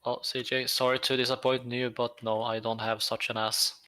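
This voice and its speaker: A man with a bright, forward voice trades jokes in loose stream chat. His talk is playful and casual, with a mid-range pitch. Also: little pitch movement, normal speed. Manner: joking banter.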